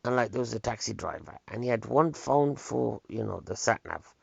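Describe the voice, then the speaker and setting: A man rambles through comic anecdotes, dropping wry deadpan asides and rhetorical questions. His voice is gravelly and sits mid-range. The recording is dull, lo-fi and dry. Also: medium pitch, normal speed, no echo. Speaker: comedian. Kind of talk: rambling comic storytelling monologue.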